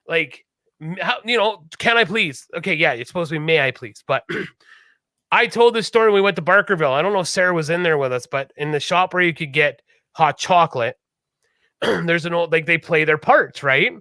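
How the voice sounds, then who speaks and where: A man co-hosting a casual podcast chat, telling stories in a lively way and acting out the voices of people he quotes. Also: fairly high pitch, brisk, dry recording, clean studio sound. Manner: animated storyteller, acts out quoted voices. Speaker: podcast co-host.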